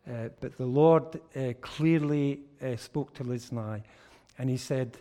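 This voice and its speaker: Slow-speaking pastor, man. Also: mid-range voice. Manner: storytelling, emphatic, drops to quiet at phrase ends. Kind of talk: sermon.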